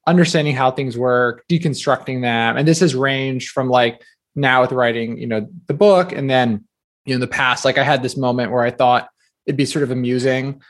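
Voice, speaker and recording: A man in his thirties from New Jersey, a guest author chatting casually in an interview, peppering his talk with fillers. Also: mid-range voice. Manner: chatty, quick, filler-heavy with many "like"s.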